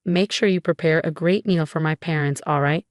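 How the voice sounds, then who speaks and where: A curt, irritable young husband who snaps his demands, read by a woman in her plain storytelling voice. The delivery is low-pitched and dry, with a clipped, scolding edge. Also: moderate pace, no echo, close to an everyday voice. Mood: demanding.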